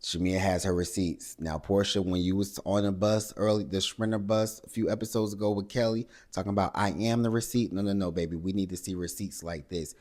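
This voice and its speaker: A man with a very low, deep voice recaps a reality show casually and at length. He keeps a loose, conversational flow, with fillers and side comments throughout. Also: brisk, few pauses. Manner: animated, acts out cast members' lines in higher voices. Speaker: recap host.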